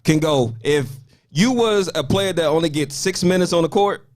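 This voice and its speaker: A man co-hosting an uncensored talk show, talking in a calm, matter-of-fact way. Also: a little high, moderate pace. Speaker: podcast co-host. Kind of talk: uncensored casual chat.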